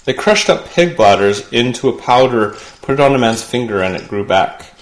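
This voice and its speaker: Brief: male late-night host, mid-pitched voice, punchy monologue delivery, roomy studio sound. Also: lively intonation, moderate pace, slight background noise. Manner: punchy joke delivery, chatty asides. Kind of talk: comedy monologue.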